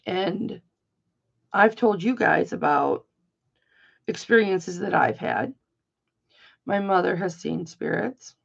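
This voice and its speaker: A woman's voice: lowish voice, takes it slowly, gravelly, pauses often. An older woman telling a rambling personal story in a chatty, casual way, full of asides, on dull lo-fi audio. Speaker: live auction host.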